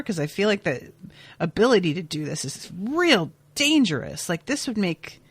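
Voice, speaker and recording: A woman podcast host casually recapping a TV episode, chatty and expressive, swearing now and then. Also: medium pitch, no echo.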